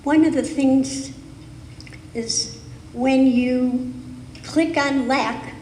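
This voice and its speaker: A woman giving a sermon as guest speaker, with slow, deliberate, emphatic phrasing, recorded on a live stream in a spiritual center's sanctuary. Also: high-pitched, fairly even intonation, a little mellow, slight background noise. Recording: echoey hall, live stream.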